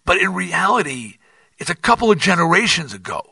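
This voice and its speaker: An older man hosting his own podcast, telling a rambling, animated story with many restarts and asides. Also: sits high, fairly quick, vocal fry, husky, no echo, recorded from a distance. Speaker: podcast host. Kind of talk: casual monologue.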